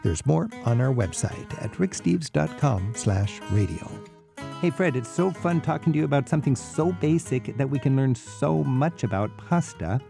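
A man's voice: medium pitch, expressive, normal speed, creaky, music in the background. A man hosting a radio travel show, interviewing a guest with curiosity and playful questions.

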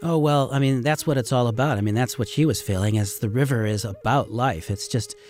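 A man's voice: mid-range voice, a little fast, a little mellow, soft background music. A middle-aged man, a river rafting guide, telling stories earnestly and ramblingly in a radio interview.

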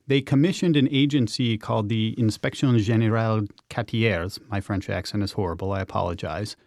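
A man's voice: mid-range voice, a little mellow, no room sound, studio quality. A man, an urban explorer and author, telling vivid, enthusiastic stories as a guest on a radio interview.

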